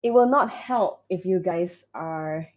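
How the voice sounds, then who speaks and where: Woman player talking real slow, lowish voice, muffled lo-fi mic. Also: animated, a little mellow. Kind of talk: tabletop game chat.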